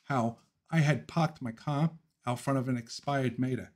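Man from Philly, hosting a livestream, loose and opinionated, quick to laugh, mid-range voice. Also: medium pitch, a little mellow. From Philadelphia. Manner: laughs often, opinionated ranting; talks through thoughts with frequent ums and restarts. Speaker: livestream host. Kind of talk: casual livestream chat, reading viewer comments.

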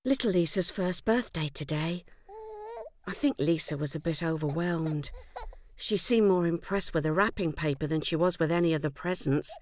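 An actress narrates a scripted film monologue as a weary housewife trapped in a loveless marriage, sounding wry, rueful, quietly downcast and wistful. Her natural voice is fairly low in pitch, at normal speed, with no room sound.

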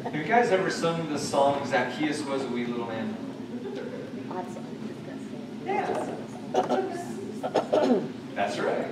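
A man leading a church service, reading scripture in a measured way and chatting playfully with children. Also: mid-range voice, very animated. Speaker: pastor. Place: church sanctuary. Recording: echoey sanctuary recorded from far off, noisy.

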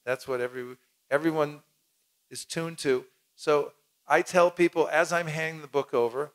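A man teaching a lively seminar to an audience, acting out short dialogues and having the crowd repeat lines after him. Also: fairly high pitch, moderate pace. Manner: animated, acts out little dialogues, leads the crowd in repeating. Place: cultural center hall with audience.

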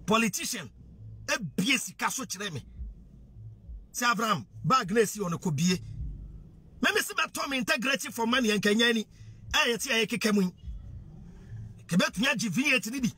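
A social media commentator with a Ghanaian accent delivers an impassioned monologue to camera, preaching, repeating himself and firing rhetorical questions while mixing Twi, English and pidgin. His voice is extremely high, lively, pushed and bright, a little fast with long pauses. Slight hiss or hum sits under it.

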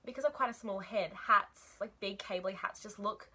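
A woman's voice: mid-range voice, moderate pace, bright, forceful tone, slightly rough. A young woman hosting a knitting podcast, chatting enthusiastically about her projects with frequent ums and little laughs.

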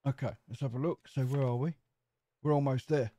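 Fairly quick and mellow, this man's medium-pitched voice holds a steady tone. He's commentating a survival game let's-play in a casual, chatty, cheeky way, joking with the game's characters as he goes.

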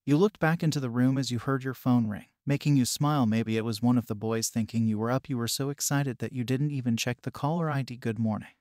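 A man reads a second-person romance story in a steady, unhurried storybook delivery. His voice sits at a middling pitch. The recording is dry, with no audible room. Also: dry recording. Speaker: narrator. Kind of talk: second-person fan fiction reading.

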